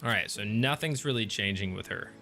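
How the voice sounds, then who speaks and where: Bright-voiced man chatting while gaming. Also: on the low side, fairly quick, soft background music. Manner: rambling, many ums and restarts, reads chat aloud. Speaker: streamer and host. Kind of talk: casual chat while gaming.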